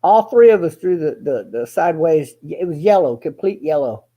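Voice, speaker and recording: This guest's long, folksy story comes in a fairly high voice with lively intonation at normal speed, over audio missing its high end. He rambles, curses at times, and voices each character's dialogue himself.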